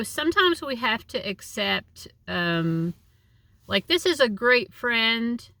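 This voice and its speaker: A woman's voice: mid-range voice, bright, forceful tone, no room sound, clean studio sound. A woman giving a casual, chatty tarot reading, with a lot of likes and you knows. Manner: chatty, uses many fillers. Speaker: tarot reader.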